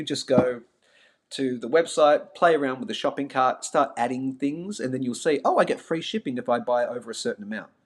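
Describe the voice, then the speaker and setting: A middle-aged man with a mild Melbourne Australian accent, hosting a live stream in a chatty, self-mocking way and talking straight to his viewers. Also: medium pitch. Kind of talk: casual live-stream chat.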